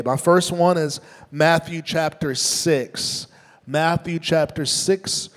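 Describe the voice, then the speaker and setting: A male pastor delivers a sermon in an earnest, explanatory way, often repeating himself. His voice sits slightly high and moves at an unhurried pace. The sound carries a long hall reverb.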